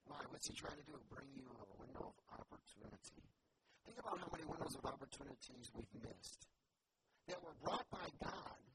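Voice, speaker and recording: A man's voice: fairly high pitch, a little fast. A man preaching a sermon, telling stories animatedly and calling on his congregation to respond. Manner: animated storytelling, acts out scenes. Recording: loud background noise.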